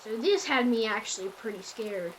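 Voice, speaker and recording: A woman's voice: fairly high pitch, animated, normal speed, a little hiss or hum. A woman casually telling a scary story in a rambling, self-correcting way.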